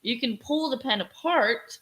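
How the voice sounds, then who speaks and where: Giggly woman in her 30s, stream co-host, bright voice, slow delivery. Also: on the high side. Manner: playful, giggly. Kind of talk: casual joking chat.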